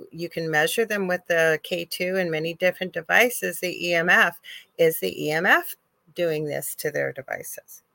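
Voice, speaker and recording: A woman from Canada co-hosting a live stream, with a lowish voice recorded close and dry. She speaks emphatically and circles back to hammer her points home. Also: creaky, dry recording. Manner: animated, emphatic, repeats points. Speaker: co-host. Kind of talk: casual live-stream chat.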